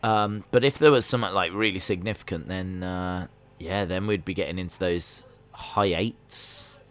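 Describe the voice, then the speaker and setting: A man's voice: low-pitched, moderate pace. A man hosting a live watch-along stream, musing casually with lots of fillers and restarts. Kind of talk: live reaction commentary.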